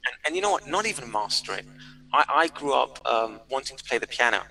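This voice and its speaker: A man talking in a loose, animated way as a podcast guest. His voice is very bright and forward, and he tumbles through stories with lots of fillers and restarts. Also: medium pitch, fast talker, vocal fry, poor audio. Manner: animated storyteller, fillers and repeated words. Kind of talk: casual interview chat.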